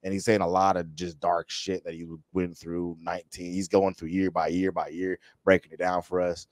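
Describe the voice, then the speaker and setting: A man with a very deep voice hosts a casual reaction video and speaks directly to his audience. He thinks out loud and often restarts or repeats words mid-thought. His voice sounds dry and close, with no room echo. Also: level tone, normal speed. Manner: thinking aloud, repeats words while searching for them; addresses the viewers directly. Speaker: reaction channel host.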